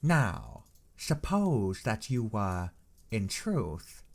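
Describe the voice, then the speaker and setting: A man voicing an old, learned professor who speaks in a measured, earnest, persuading way in an audiobook reading. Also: medium pitch, a little mellow, heavily acted. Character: old learned male professor, grave and insistent.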